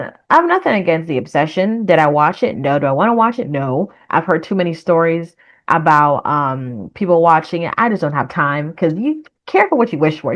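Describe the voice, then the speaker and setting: A woman hosting a reaction video, chatting casually with laughs and rambling asides. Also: low-pitched. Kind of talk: casual chat.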